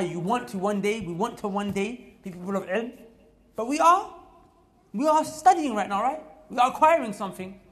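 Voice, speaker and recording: High-voiced emphatic male mosque preacher. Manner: emphatic, repetitive, rising to loud exhortation. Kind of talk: mosque talk. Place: mosque hall.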